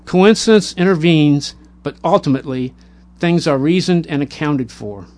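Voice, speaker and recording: A man reading a war memoir aloud in a measured, plain way, now and then stumbling and correcting himself. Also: a little high, lively intonation, darkish tone. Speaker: narrator.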